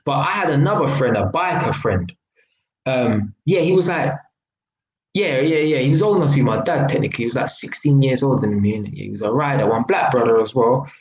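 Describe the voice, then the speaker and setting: A man tells a casual story on a live stream. He talks in street slang and keeps dropping in tag questions. His voice sits at a middling pitch and rings in a roomy, echoey space. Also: animated, brisk, muffled recording. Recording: roomy echo.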